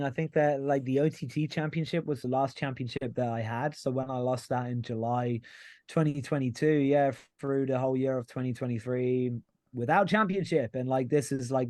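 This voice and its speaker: A male pro wrestler, appearing as a podcast guest, rambles through a long story, casually swearing and constantly saying "like" and "you know." His mid-range voice has a darkish tone, with no room sound.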